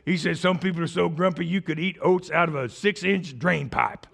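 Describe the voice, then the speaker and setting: A middle-aged man preaching a sermon as pastor, joking and animated, rambling with many restarts. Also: a little high, normal speed, creaky, slightly rough.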